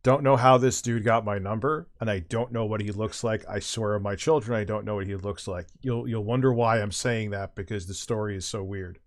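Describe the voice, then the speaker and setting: A man's voice: lowish voice, fairly even intonation, brisk, few pauses. A middle-aged man chatting casually as a streamer, telling a long rambling anecdote with swearing and restarts. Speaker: streamer and host. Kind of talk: casual chat, storytelling.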